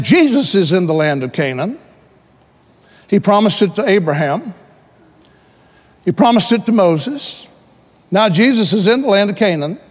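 A man preaching a sermon, telling his own story and swelling to shouts when quoting Bible figures. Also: sits high, in a large hall.

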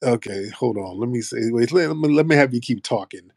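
A man's voice: medium pitch, lively intonation, brisk, vocal fry, a little mellow, dry recording, clean studio sound. An American man hosting a live audio chat, brash and profane, bantering with callers. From United States. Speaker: host of a live audio space.

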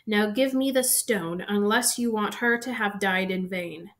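A woman voicing an evil male dark wizard in a slow, soft, hissing voice for a storybook reading. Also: mid-range voice, lightly acted. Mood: taunting.

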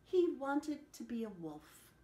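A woman telling a picture-book story to children, animated and asking them questions along the way. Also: high voice, takes it slowly. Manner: animated, asks the listeners questions. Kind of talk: picture-book read-aloud. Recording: echoey room.

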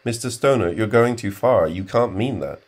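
A man voicing an indignant, pompous male graduate student who speaks in a stiffly formal way and takes offense quickly. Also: on the low side, expressive, darkish tone, voice pushed up. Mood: angry.

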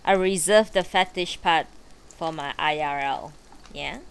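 This bedroom live streamer, warming up before a book reading, has a low, gravelly yet clear and resonant voice and talks a little slowly. She wanders from topic to topic, cursing freely and leaning on many fillers.

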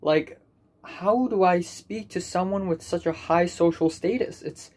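A man's voice: high voice, measured pace, darkish tone. A young man talking in an anxious, self-deprecating ramble with many repetitions in a personal video diary. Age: young adult. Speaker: vlogger.

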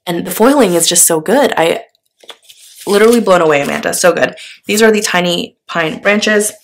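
A woman vlogger chatting casually while showing stickers, gushing and enthusiastic, with frequent fillers and soft laughs. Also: fairly low pitch, normal speed, slight background noise. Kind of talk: casual chatty show-and-tell.

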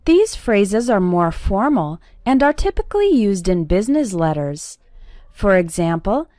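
Slow, careful woman teaching English phrases. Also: medium pitch, very animated, mellow, no room sound, clean studio sound. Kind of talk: scripted language lesson.

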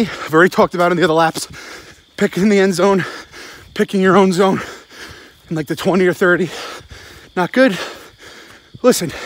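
A man who is a father, casually ranting about football in a profane, heated, rambling way while out running at night. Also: high-pitched. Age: adult, father. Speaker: podcast host. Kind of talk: casual postgame rant. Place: outdoors at night, jogging.

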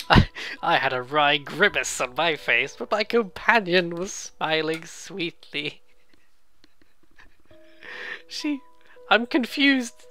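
A let's play host giving casual, giggly commentary on a game, making quick self-deprecating asides. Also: mid-range voice, animated, pushed and bright, faint music behind.

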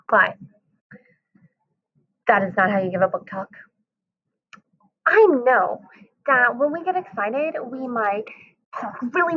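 Woman teacher, fairly high voice, lively delivery, lo-fi phone-like recording. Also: a little slow, husky. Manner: animated, talks straight to the kids. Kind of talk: recorded class lesson for children. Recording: tinny phone-like audio.

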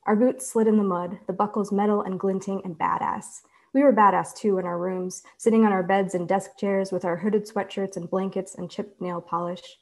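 A woman author reading her own fiction aloud in a measured, deliberate way. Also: medium pitch, fairly even intonation, a little mellow. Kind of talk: literary reading.

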